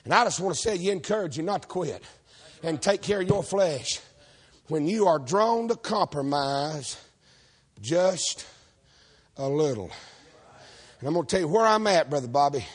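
A man preaching, folksy and shouting, calling on the congregation for amens. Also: a little high, expressive, normal speed, long pauses, slightly rough. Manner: folksy, shouting, calls for amen. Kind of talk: fiery preaching with stories. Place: church service.

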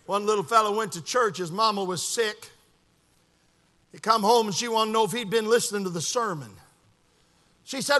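A man preaches with fervor, his voice bright and carrying. He swings between shouted praise and hushed asides, and the sound rings with the long reverb of a large hall. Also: high-pitched, normal speed, pauses often. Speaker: pastor. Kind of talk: sermon.

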